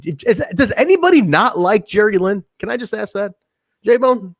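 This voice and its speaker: Animated man chatting about wrestling. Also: high-pitched, normal speed, no echo, studio quality. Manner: animated, rambling, swears and laughs easily. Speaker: podcast co-host. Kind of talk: casual wrestling review chat.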